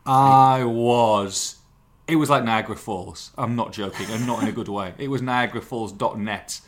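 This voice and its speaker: This is a man in his forties hosting a casual podcast. He tells long, rambling, self-deprecating anecdotes in an everyday mid-pitched voice. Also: normal speed. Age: 40s. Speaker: podcast host. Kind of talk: casual chat.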